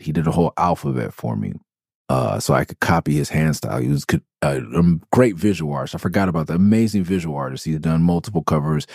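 A podcast host from Los Angeles casually tells rambling, profane stories about his musical past, often stopping to correct himself. His rumbling low voice has vocal fry and is a little mellow, heard in a dry, clean studio recording.

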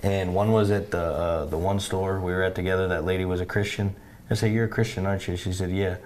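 An American man co-hosting a faith podcast, telling animated, rambling stories in casual chat and often saying "you know what I mean". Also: low voice, fast, slight background noise. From United States. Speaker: podcast co-host.

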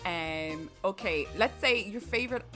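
A woman's voice: mid-range voice, animated, unhurried, sharp tone, soft background music. An Irish woman co-hosting a podcast, reading listener questions in brash, joking casual chat. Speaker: podcast co-host.

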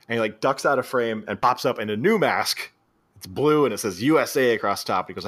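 A man's voice: mid-range voice, quick pace. A man co-hosting a podcast, animatedly recapping a film scene by scene and acting out the characters' lines. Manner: animated retelling with acted-out quotes. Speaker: podcast co-host. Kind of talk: casual film recap chat.

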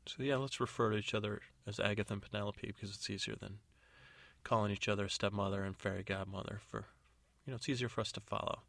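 A man telling a bedtime story in a meandering, easygoing ramble. His voice is low with a gravelly fry. The recording is dry and close. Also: fairly even intonation, fast, fairly bright tone, no room sound. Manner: meandering, loose with fillers. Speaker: podcast host and storyteller.

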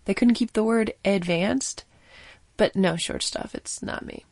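A woman's voice: medium pitch, a little slow, vocal fry, darkish tone, no echo. A woman voicing a grumpy older woman doctor who is blunt and teasing, speaking in a dry, sarcastic, bossy way.

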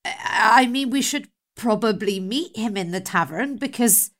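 A woman playing a tabletop game, chatty and quick, often restarting her sentences. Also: on the high side, lively intonation, a bit bright. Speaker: player. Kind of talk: casual tabletop play.

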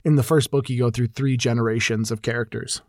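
A man chatting as a podcast guest, getting excited as he recommends books. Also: mid-range voice, no echo, studio quality. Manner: excitable, quick. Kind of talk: casual chat.

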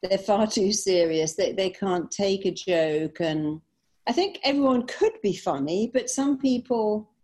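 A woman's voice: medium pitch, a little slow. Woman, middle-aged, chatty guest telling funny stories, laughs a lot. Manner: animated, anecdotal, laughing easily. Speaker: guest, therapist and speaker. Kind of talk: conversational storytelling.

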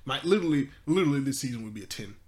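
Guy on a podcast, mid voice, animated, says like a ton, swears. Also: mid-range voice, racing. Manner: animated, swears freely, lots of "like". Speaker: podcast co-host. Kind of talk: casual chat.

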